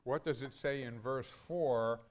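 A male pastor preaching a sermon in an earnest way. His loudness and pitch rise and fall widely for emphasis. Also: measured pace.

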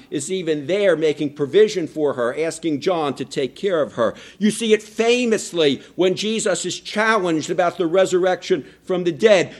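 Male pastor, sermon delivery, emphatic and explanatory, slightly high pitch. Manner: emphatic, explanatory preaching with rises and drops.

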